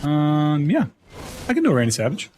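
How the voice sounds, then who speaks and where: A man's voice: fairly high pitch, huge pitch swings, a little fast, a little mellow, a little hiss or hum. A man streaming live, chatting casually and joking playfully with his chat.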